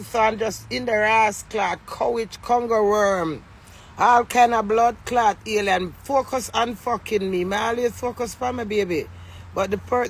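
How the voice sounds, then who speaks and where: Middle-aged Jamaican woman, gravelly and defiant, swears freely in a loose, emotional vlog monologue. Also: medium pitch. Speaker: vlogger.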